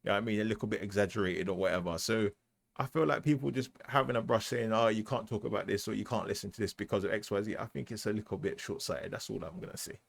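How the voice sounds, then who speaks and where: A man's voice: lowish voice, steady tone, fast talker, gravelly. A British man giving casual, slangy commentary as he reacts to a music track, often asking "you know what I mean". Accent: British English.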